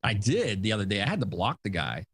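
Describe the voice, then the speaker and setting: A man's voice: on the low side, very animated, quick pace, fairly bright tone, slightly rough, no room sound. A male podcast host chatting casually, rambling with fillers and self-deprecating asides, a father of young kids. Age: adult with young kids. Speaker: show host.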